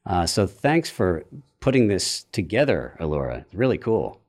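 A man's voice: sits low, sing-song, normal speed, darkish tone, husky, no room sound, studio quality. A man hosting a podcast who thanks his co-host with uh fillers, then reads the credits. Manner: hesitant with uh fillers in talk. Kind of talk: podcast talk and read outro.

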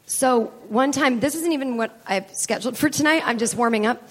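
A middle-aged woman with a high voice tells stories on a comedy stage. She rambles through asides and swears freely as she talks. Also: brisk. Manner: chatty, profane, rambling asides. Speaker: stand-up comedian and podcast host. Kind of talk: live comedy storytelling. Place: stage in a small comedy venue.

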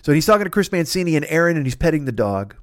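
A man hosting a comedy podcast, telling a story in a profane, animated way and acting out the people in it. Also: on the high side, rapid-fire, no room sound, clean studio sound. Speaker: podcast host.

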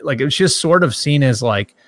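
A man in his thirties, a sports journalist who grew up near Boston, answering interview questions in a halting way with many restarts and fillers. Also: mid-range voice, lively intonation, no echo. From grew up in the Boston area.

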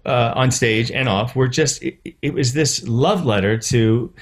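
A middle-aged man talks as a guest in a relaxed interview. He tells stories with animation, pitching up sharply when he plays out what others said. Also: a little slow. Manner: animated, acts out quoted voices with pitch jumps. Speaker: actor and producer, interview guest. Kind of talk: casual interview storytelling.

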